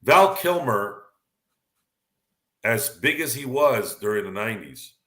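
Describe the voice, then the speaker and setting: A man's voice: medium pitch, expressive, slow pace, fairly bright tone. A man hosting a casual chat, talking in an opinionated, rambling way with frequent restarts. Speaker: podcast host. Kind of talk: casual sports and movie chat.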